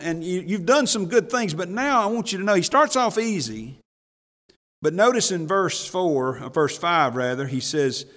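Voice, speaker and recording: A man preaching a sermon as pastor, folksy and chuckling, swinging between hushed asides and raised emphasis. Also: high voice. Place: church sanctuary. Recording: long hall reverb from church.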